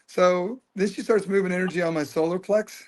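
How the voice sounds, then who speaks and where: Man, fifties, interview guest, earnest storyteller, a bit high-pitched. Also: fairly even intonation, a little fast, darkish tone. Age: 50s. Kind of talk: personal storytelling in a podcast interview.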